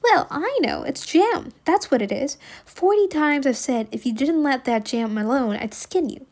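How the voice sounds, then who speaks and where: A woman's voice: expressive, moderate pace. A woman voicing a scolding old woman who hunts for her mischievous nephew, reading a storybook aloud. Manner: shrill, loud calling and scolding.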